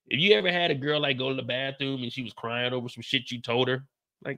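A man's voice: mid-range voice, fairly even intonation, fast talker, sharp tone. A man recapping a TV episode with loose, profane, joking asides. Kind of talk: casual comedic recap commentary.

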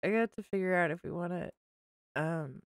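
A woman game streamer chatting casually while tearful and crying, talking in an emotional, halting way and laughing through her tears. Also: on the low side, clean tone, no room sound, clean studio sound. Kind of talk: casual livestream chat.

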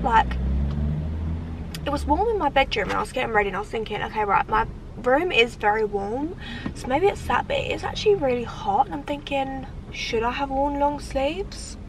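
A woman's voice: high-pitched, background noise. A woman, vlogging casually to the camera, chatty and rambling with lots of fillers, and tired. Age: 20s. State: tired, yawning. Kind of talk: casual vlog chat to camera. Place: outdoors at a shopping area.

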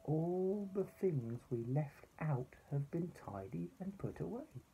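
A man voicing a steady old male toy bear in a storybook, speaking in a measured, hushed way. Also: fairly high pitch, creaky, dull audio, slight background noise, voice pushed up, exaggerated voice. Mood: calm.

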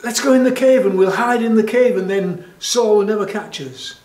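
A man's voice: high-pitched, normal speed, a little mellow, roomy sound, voice pushed up, lightly acted. A man voicing an earnest young hero. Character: young male hero leader, earnest and pleading.

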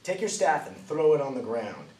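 A man's voice: medium pitch, big pitch swings, moderate pace, darkish tone, voice pushed up, lightly acted. A man voicing a solemn commanding God. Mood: firm. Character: God, commanding and patient male deity. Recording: roomy, distant mic, faint ambient noise.

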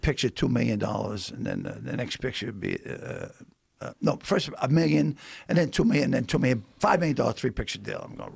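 Older Boston comic, gravelly and husky, loud wide-swinging storyteller. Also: male voice, medium pitch, fast talker, no room sound, clean studio sound. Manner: animated, acts out voices in anecdotes. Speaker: comedian guest. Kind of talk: storytelling on a podcast.

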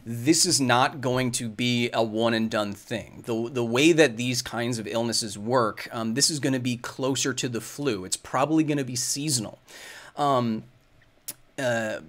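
Casting: male science host in his thirties, casual stream Q&A, rambling and thinking aloud, mid-pitched voice. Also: a little slow, fairly bright tone. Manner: rambling, thinks aloud with many fillers and restarts. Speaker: science video host answering viewer questions. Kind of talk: casual livestream Q&A.

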